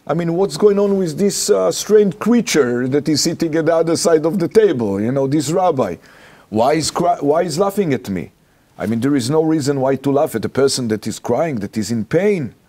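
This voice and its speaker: An interviewed rabbi speaks English with an Israeli accent, non-native and halting yet animated, as he tells a personal anecdote. His voice is on the high side.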